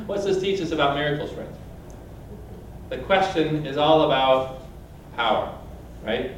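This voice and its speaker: A man's voice: fairly high pitch, animated, unhurried, slight background noise. A man preaching a sermon, reading scripture aloud and asking his listeners questions directly. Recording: very echoey room from a distance.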